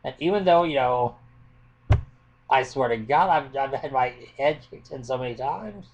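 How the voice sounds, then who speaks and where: A man's voice: medium pitch, expressive, normal speed, dull audio, a little hiss or hum. A man ranting into his webcam at home, blunt and impassioned, swearing freely. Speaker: vlogger. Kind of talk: webcam rant.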